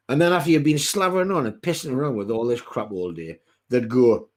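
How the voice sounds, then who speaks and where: A man's voice: mid-range voice, fairly quick, a little mellow. A man with a Geordie accent, co-hosting a podcast and ranting through a story in a casual chat, swearing freely. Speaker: podcast co-host.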